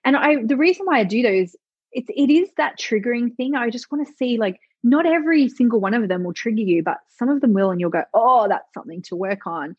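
Woman, husky, dry close sound, slightly dull audio, animated, candid podcast guest. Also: on the high side, fast talker, no echo. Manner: animated, swears casually, acts out voices of others. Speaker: guest, money mindset coach. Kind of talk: candid conversational interview.

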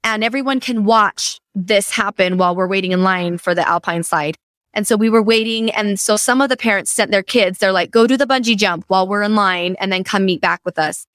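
A middle-aged woman hosting an interview, telling a personal story in an earnest, animated way. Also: mid-range voice, a little fast, clean tone, no room sound, studio quality. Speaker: podcast host.

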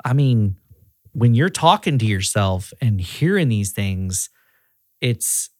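Low-voiced man giving relaxed leadership advice. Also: slow, dry recording, clean studio sound. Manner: relaxed and conversational, often acting out quoted voices. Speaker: regional director of auto repair shops, podcast guest. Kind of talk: casual podcast conversation.

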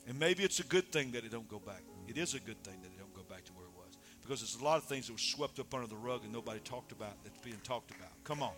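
A man preaching a sermon, dropping soft then shouting loudly. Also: mid-range voice, fast, few pauses, music in the background. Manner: animated, swings from soft to shouting. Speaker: pastor.

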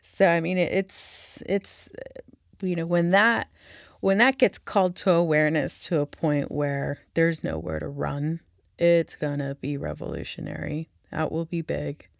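A woman hosting a podcast speaks slowly and deliberately, thinking through each point. Her low voice carries a gravelly fry. The recording is dry and close, with no room echo. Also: steady tone. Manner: slow, measured and thoughtful. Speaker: podcast host. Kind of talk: reflective interview conversation.

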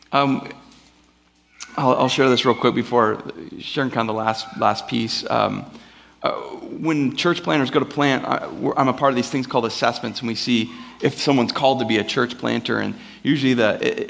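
A man's voice: mid-range voice, gravelly, a bit bright. A man preaching a casual, rambling sermon to a church congregation, often acting out the voices of the people in his stories. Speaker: pastor. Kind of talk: conversational sermon. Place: church before a live congregation.

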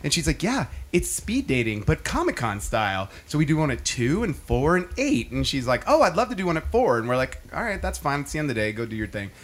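A man's voice: mid-range voice, big pitch swings, brisk, few pauses, fairly bright tone. A man telling anecdotes in casual chat, chatty and often laughing. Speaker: podcast co-host.

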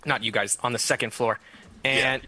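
A man's voice: medium pitch, fairly even intonation, moderate pace, bright, forceful tone, breathy edge. A man running a tabletop game as game master, narrating loosely with many fillers. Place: studio.

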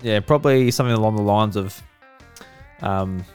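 A man's voice: fairly low pitch, moderate pace, a little mellow, clear, resonant tone, faint music behind. A man with an Australian accent hosting a casual podcast, laid-back and chuckling often. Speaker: podcast host.

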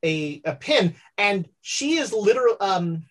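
A woman narrating as game master of a tabletop role-playing game, halting and full of fillers. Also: mid-range voice, lively intonation.

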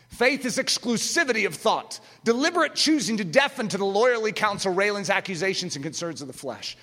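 A man preaching an impassioned sermon, emphatic, with rhetorical questions and sudden loud outbursts, in a large hall. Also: high-pitched, animated, fairly quick, few pauses. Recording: echoey hall with long reverb.

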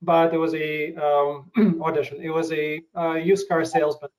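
A man interviewing and sharing his acting experiences, thoughtful and hesitant with many pauses. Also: a little high, little pitch movement, rough recording. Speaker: interviewer and actor. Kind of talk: casual interview.

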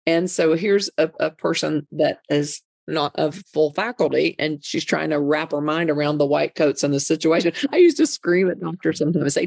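A middle-aged woman talks in an earnest, emphatic way, circling back and repeating words when moved. Her voice carries a gravelly, fry-tinged edge. The sound is close and dry. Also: low-pitched, normal speed, hardly any pauses, a little mellow, no echo. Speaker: guest, mother and advocate. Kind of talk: conversational interview.

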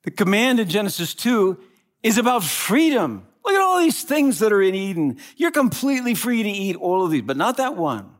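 A man preaching a sermon as pastor, animated and conversational, swinging from loud passages to quiet asides. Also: high voice, normal speed.

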